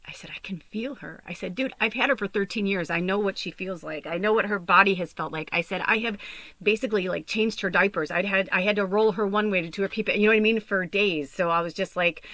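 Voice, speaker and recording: A woman's voice: medium pitch, fast, bright, forceful tone, no echo. A young adult woman hosting a podcast, telling an emotional personal story with many fillers, on the verge of tears and often dropping to a whisper. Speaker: podcast host and medium.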